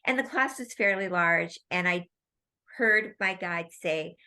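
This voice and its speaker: A woman with a bright, forceful voice and a slightly low pitch tells stories as an interview guest. Her talk is casual and rambling, with many asides. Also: a little slow. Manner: animated, rambling storytelling. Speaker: guest, medical intuitive medium.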